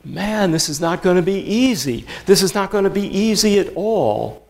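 A man's voice: high voice, lively intonation, moderate pace, vocal fry, darkish tone. A man preaching, voicing the patriarch Abraham as he mutters through a fussy to-do list. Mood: fussing. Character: biblical patriarch Abraham, grumbling about moving.

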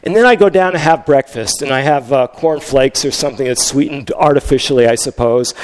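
A man's voice: mid-range voice, a little fast. An older male pastor telling a story in a conversational sermon, with frequent restarts.

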